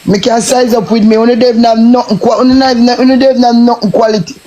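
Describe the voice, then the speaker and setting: A man's voice: very high-pitched, little pitch movement, fast talker, dark tone, rough recording. A man with a Jamaican accent, ranting and taunting in a cursing live stream tirade.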